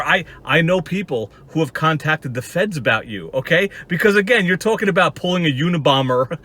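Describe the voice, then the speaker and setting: A man's voice: high voice, a bit bright. A man ranting in a mocking, profane commentary with lots of restarts. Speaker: YouTube commentator.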